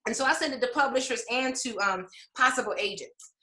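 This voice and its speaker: Bright-voiced woman author in echoey room. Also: a little high, brisk. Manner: warm, emotional, laughs often, many fillers. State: tearful at times. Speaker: author and English professor. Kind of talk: interview storytelling.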